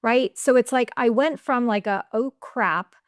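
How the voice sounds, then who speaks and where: A woman's voice: a little high, unhurried, clean tone, no echo, clean studio sound. A woman executive coach on a podcast, chatting casually and often acting out her own inner voice with a tagged "right?". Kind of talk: casual interview chat.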